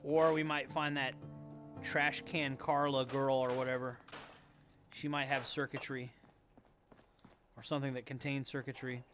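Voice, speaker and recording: A man's voice: medium pitch, level tone, a little slow, long pauses, music in the background. A young man streaming a game, rambling and swearing casually as he plays. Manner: rambling, profane, muttering to himself. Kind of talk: casual gameplay commentary.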